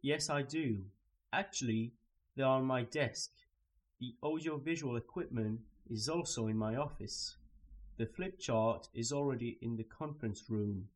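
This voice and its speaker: A man's voice: medium pitch, a little slow, natural voice. A man voicing a male colleague running late for a meeting, reading a scripted learner dialogue plainly and evenly.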